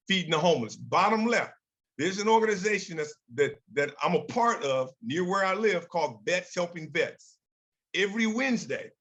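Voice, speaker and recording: An older man tells career stories in a motivational talk, voicing each exchange with his bosses and staff. His voice sits a little higher than most men's. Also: bright, forceful tone. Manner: storytelling, acts out quoted dialogue. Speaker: guest speaker.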